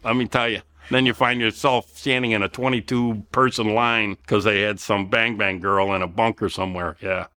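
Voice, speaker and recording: A man's voice: on the low side, steady tone, normal speed, few pauses, pushed and bright, clean tone. A man in his seventies from the area, telling war stories in a blunt, profane, rambling way. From Elmhurst, Illinois. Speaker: guest, Vietnam veteran. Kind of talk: casual storytelling.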